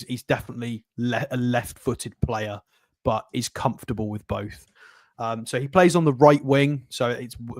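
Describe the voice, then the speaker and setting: A man co-hosting a football podcast, talking through a player in a quick, casual, analytical way. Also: medium pitch, dry recording, clean studio sound. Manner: chatty, fast, analytical. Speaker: co-host.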